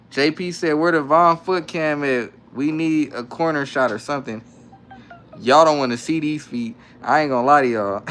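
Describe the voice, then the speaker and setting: Young adult man, livestream host at home; casual slangy banter, frequent laughs, slightly high pitch. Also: a bit bright. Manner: laid-back slangy banter, laughs often. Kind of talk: casual live stream chat reading comments. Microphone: phone.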